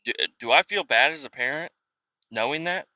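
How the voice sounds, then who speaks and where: A man in his thirties hosts a casual podcast, swearing freely as he rambles through his story and mimics the people in it. His voice is bright and sharp, at a middle pitch. The sound is dry and a bit dull, like a lo-fi recording. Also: animated, normal speed, no room sound. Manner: profane, rambling, acts out others' lines. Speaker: podcast host.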